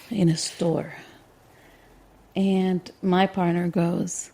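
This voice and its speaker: Animated woman in her thirties telling a story. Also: fairly low pitch. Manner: animated, acts out voices in her anecdotes; quick, tumbling delivery with restarts. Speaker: podcast co-host. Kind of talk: casual storytelling chat.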